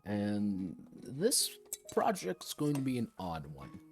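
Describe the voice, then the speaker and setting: Low-voiced man rambling on a stream. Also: wildly swooping pitch, slow pace, soft background music. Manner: rambling and digressive, slips into quoted voices. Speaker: tabletop game designer and streamer. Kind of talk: casual livestream design talk.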